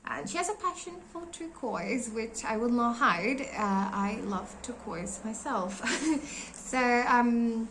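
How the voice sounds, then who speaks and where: A woman's voice: a little high, animated, slow, fairly bright tone, a little hiss or hum, poor audio. A young woman losing her voice, chatting casually and rambling as she shows her collection in a vlog, often searching for names and laughing. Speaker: doll collector vlogger. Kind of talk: casual show-and-tell vlog.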